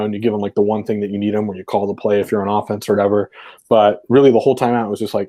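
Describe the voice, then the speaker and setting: A man's voice: on the low side, level tone, very fast, mellow. A man co-hosting a podcast, reflectively recounting his football coaching days in a rambling, casual way full of fillers. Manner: rambling, reflective, heavy use of fillers like "like" and "right". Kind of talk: casual storytelling conversation.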